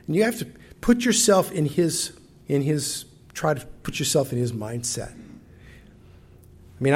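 A male preacher giving a sermon in a reflective manner, often asking his listeners questions directly. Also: mid-range voice. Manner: reflective, talks directly to the congregation.

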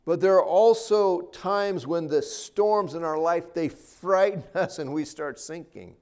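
Male pastor, slightly high voice, lively preaching delivery. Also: measured pace, hardly any pauses. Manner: animated, rising and falling emphasis. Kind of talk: sermon.

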